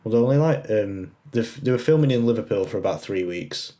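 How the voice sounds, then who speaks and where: A young man with a low voice, co-hosting a podcast from a remote setup. He chats like a film buff, halting often on "uh" as he works through his points. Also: lively intonation, mellow. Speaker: podcast co-host. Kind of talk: casual chat. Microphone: remote call recording.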